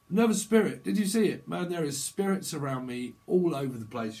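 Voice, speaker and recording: A man with a fairly high voice, talking through a tarot reading on his own. He rambles chattily, slipping into slangy back-and-forth exchanges he plays himself and laughing between thoughts. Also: animated, a little fast, hardly any pauses, darkish tone. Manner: chatty, acting out slangy mini-dialogues, laughs often. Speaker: tarot reader.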